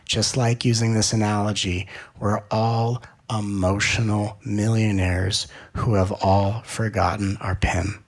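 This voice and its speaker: A man giving a spiritual talk as a teacher, playful and teasing, swinging between loud, excited questions and soft, slow reflection. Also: on the low side.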